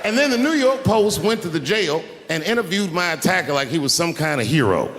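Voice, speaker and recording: A man doing a stand-up comedy routine, telling his story in a lively way that swings from hushed asides to shouted punchlines. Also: fairly high pitch, a little fast. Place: large theater stage before a live audience. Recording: roomy hall with loud crowd noise.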